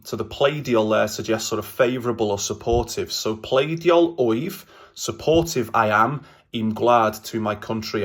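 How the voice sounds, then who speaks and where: A man with a Welsh accent teaching a language lesson in a relaxed, chatty way, often pausing with ums and uhs. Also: medium pitch. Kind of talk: casual explanatory language lesson.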